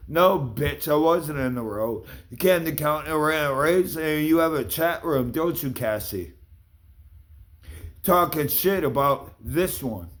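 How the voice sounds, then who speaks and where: A man delivers a heated rant straight to his listeners, swearing at every turn and jabbing at them with accusations. His voice sits a little on the high side. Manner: heated, accusing, swears constantly, addresses people directly. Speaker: vlogger. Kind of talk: angry profane rant to camera.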